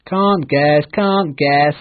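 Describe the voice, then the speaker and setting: A bold, cheerful boy hero from a storybook, as a male reader puts him on, pitched up and calling out. The husky tone comes through a thin, phone-like recording. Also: lively intonation, normal speed. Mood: gleeful. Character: boastful cheerful boy hero Peter Pan. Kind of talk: storybook reading for learners.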